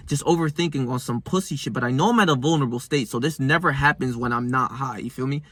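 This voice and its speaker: A man's voice: medium pitch, a little fast, hardly any pauses, sharp tone, no echo. A man in his twenties talking casually in a vlog, rambling in slang with plenty of swearing. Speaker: self-help vlogger.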